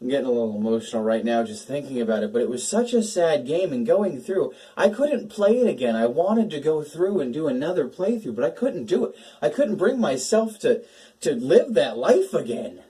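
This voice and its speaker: A man's voice: on the high side, very animated, brisk, mellow, far from the mic, rough recording. A young man hosting a casual gaming talk, emotional and swearing, laughing between his words. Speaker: gaming channel host.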